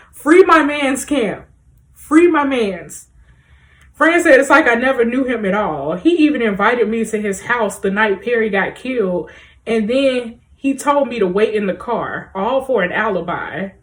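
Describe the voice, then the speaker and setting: A woman doing let's play commentary, reading in-game messages aloud and talking straight to her viewers in a lively, chatty way. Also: fairly high pitch. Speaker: gaming video creator.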